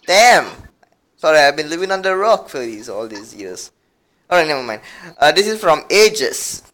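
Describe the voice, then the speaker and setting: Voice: mid-range voice, very animated, normal speed, a bit bright. A podcast co-host chatting casually, giggling and rambling while reading aloud. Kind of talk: casual chat.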